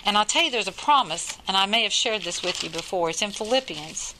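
A woman's voice: medium pitch, expressive, a little fast, background noise. A woman preaching a sermon in an earnest, emphatic way, often repeating her phrases.

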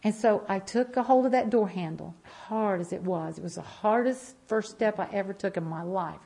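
A woman's voice: mid-range voice, moderate pace, gravelly, dark tone. A woman in her fifties giving an impassioned church testimony, emphatic and repeating phrases as she tells her story.

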